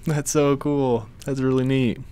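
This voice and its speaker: A man hosting a podcast interview, calm and curious, answering with short affirmations. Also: medium pitch, unhurried, clear, resonant tone. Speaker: podcast host.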